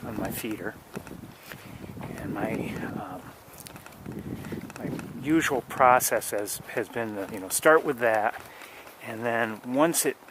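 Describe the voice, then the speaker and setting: A man's voice: mid-range voice, fairly bright tone, slight background noise, low-quality recording. A man narrating casually while walking wet outdoor trails in light rain, rambling with many fillers and restarts as he guides a birding tour.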